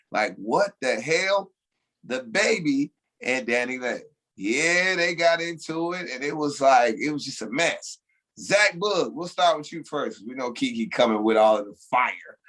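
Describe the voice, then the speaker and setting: An upbeat man hosts a casual podcast with a bright, ringing tone. His voice jumps around a lot as he hypes up his crew, sitting a touch higher than most men's. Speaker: podcast host.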